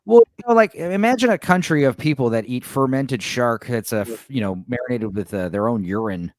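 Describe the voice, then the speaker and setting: A man's voice: mid-range voice, animated, a little fast, dry recording, studio quality. A man co-hosting a movie podcast, rambling and reminiscing, full of "like" and "you know.". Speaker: podcast co-host. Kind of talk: casual movie chat.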